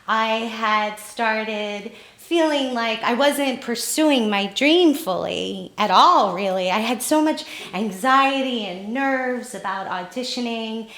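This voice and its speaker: A woman tells a personal story, animated and quick to laugh at her own turns. Her voice sits fairly high with a slow, deliberate pace, and a roomy echo surrounds it. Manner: animated, laughs through the telling. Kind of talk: personal story told live.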